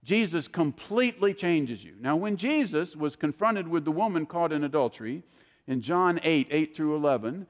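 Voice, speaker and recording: An older man preaches in a somewhat high voice, telling homely stories and acting out the people he quotes. His words ring out with a long reverb, as in a large hall. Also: expressive, moderate pace. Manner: folksy storytelling, acts out quoted people. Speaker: pastor. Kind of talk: sermon.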